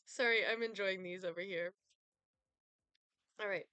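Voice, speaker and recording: A woman's voice: mid-range voice, lively intonation, takes it slowly, pauses often, pushed and bright, clean tone, dry recording. Sarcastic young woman streamer, dry sound. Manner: sarcastic, laughs often. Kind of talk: casual gameplay commentary.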